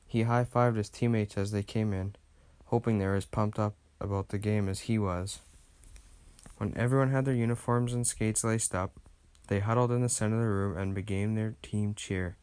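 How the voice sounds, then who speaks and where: A man reading a children's storybook aloud with gentle, steady storytelling. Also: lowish voice, moderate pace, smooth, no room sound. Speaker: narrator.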